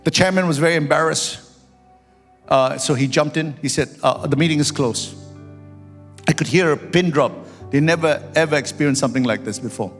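A male pastor delivering a sermon in a church, his voice sitting a bit high. He moves from storytelling into fervent prayer. The sound rings with a long hall reverb over faint music. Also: a little fast. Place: church sanctuary.

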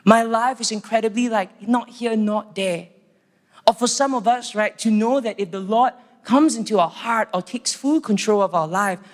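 A man preaching a sermon in an earnest, conversational way. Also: high-pitched. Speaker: pastor. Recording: echoey hall.

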